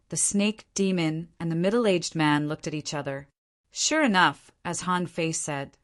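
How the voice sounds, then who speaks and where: A woman narrating a fantasy audiobook in a steady, even reading voice. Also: lowish voice. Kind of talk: scripted narration.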